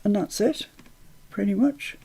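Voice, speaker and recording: A woman's voice: mid-range voice, unhurried, vocal fry, warm tone, slight background noise. A woman hosting a live crafting stream, chatty and self-mocking, often laughing at herself.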